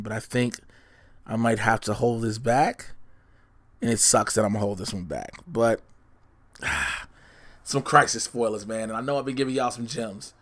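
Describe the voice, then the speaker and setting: A man hosting a solo podcast, chatting casually and in a scattered way. He often corrects himself and teases his listeners with spoilers. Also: lowish voice. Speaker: podcast host.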